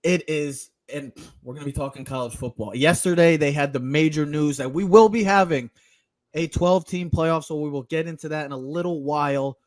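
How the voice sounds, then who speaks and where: Energetic man hosting a sports podcast. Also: a little high, normal speed, no echo. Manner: energetic, teasing, hype-style announcing. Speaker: podcast host. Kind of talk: casual chat and show rundown.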